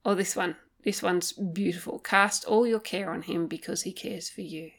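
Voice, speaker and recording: A woman hosting a solo podcast, talking gently and earnestly, thinking aloud with frequent pauses and ums while offering faith-based encouragement. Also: on the low side, steady tone. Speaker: podcast host. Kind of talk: reflective solo podcast talk.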